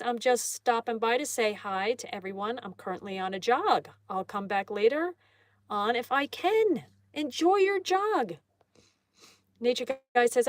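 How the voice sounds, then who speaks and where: A woman with a slightly high voice runs a relaxed art live stream, greeting every viewer and reading their comments aloud as she draws. There's no room sound in the recording.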